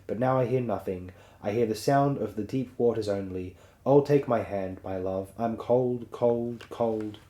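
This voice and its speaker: A man giving a measured, solemn dramatic reading of a story, as an audiobook. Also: mid-range voice, warm tone. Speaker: audiobook reader. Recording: roomy echo.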